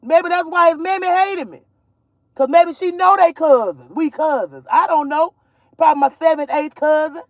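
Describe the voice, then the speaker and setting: A woman's voice: extremely high pitch, normal speed, no room sound, muffled recording. A woman from Georgia, ranting bluntly and profanely about her son in a casual vlog recorded while driving. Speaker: mother vlogger.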